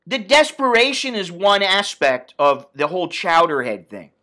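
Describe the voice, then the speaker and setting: American man vlogger, profane and blunt, ranting casually in a bright voice. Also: high voice, expressive, moderate pace. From United States. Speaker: expat vlogger. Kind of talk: casual vlog rant.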